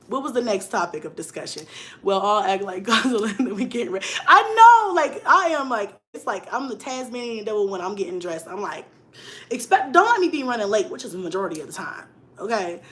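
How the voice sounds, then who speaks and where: Swinging widely in pitch around a medium level and talking a little fast, this young vlogger shares a story casually, laughing a lot and alternating between loud outbursts and quiet asides.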